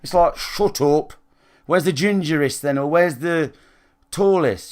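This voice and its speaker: Speaking a little slowly in a slightly high voice, a British man streams games and chats loosely with viewers, rambling, swearing, and repeatedly asking "do you know what I mean" to check they're with him.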